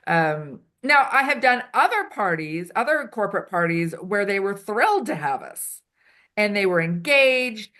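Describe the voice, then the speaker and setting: A woman consultant being interviewed, chatty and animated, acting out quoted lines as she explains. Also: medium pitch, a little slow. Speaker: HR consultant and improv performer. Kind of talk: casual interview answers. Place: Switzerland.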